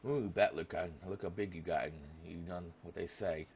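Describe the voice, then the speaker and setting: A man's voice: sits low, steady tone, normal speed, creaky, darkish tone, a little hiss or hum. A man voicing a jolly, plump middle-aged businessman uncle who brags heartily. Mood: hearty.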